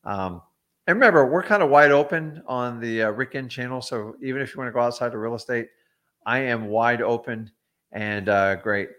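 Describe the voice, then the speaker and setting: Man, middle-aged, livestream host, casual teaching, blunt, chatty, lots of ums, average pitch. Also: normal speed, a bit bright. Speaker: real estate investor teaching wholesaling.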